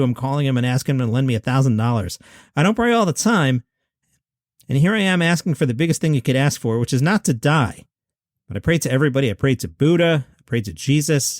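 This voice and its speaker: Animated man retelling comedy stories. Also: medium pitch, no echo, studio quality. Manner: animated storytelling, acting out quoted voices. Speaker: podcast host.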